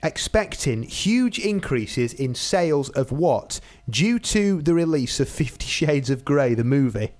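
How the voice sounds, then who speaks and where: Podcast host guy, kinda high voice, teasing quizmaster. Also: expressive, unhurried, hardly any pauses, a little mellow. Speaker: podcast host running a quiz. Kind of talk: casual chat.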